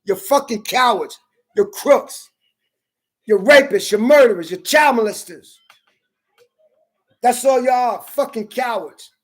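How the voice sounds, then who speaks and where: A woman's voice: on the high side, unhurried, long pauses. Furious woman ranting, swearing. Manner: profane, confrontational, repetitive taunting; rises to shouting at times. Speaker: vlogger. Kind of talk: angry political rant to camera.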